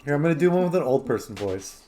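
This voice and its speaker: A man's voice: on the high side, expressive, fast talker, over music. A man hosting a gaming stream, chatting casually and rambling through stories with lots of 'like' fillers. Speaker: streamer host. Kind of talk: casual chat while gaming.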